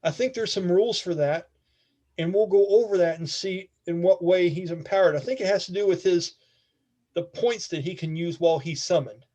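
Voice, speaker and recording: A man's voice: high voice, normal speed, dark tone. A man narrating a tabletop game as game master, casual and rambling, often laughing.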